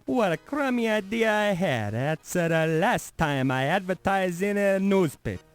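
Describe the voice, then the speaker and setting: A man's voice: high voice, lively intonation, a little slow, faint music behind. An actor playing a pushy, grumpy male street sandwich vendor with a thick Italian accent and broken grammar, in 1990s adventure game voice acting. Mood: grumbling. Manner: pushy hawking sales patter.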